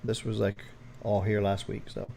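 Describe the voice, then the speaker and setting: A man's voice: fairly low pitch, little pitch movement, moderate pace, vocal fry, mellow, a little hiss or hum. A man hosting a livestream, chatting loosely, answering viewer comments and explaining wireless technology in a rambling way. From United States. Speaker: tech livestream host. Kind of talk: casual livestream chat.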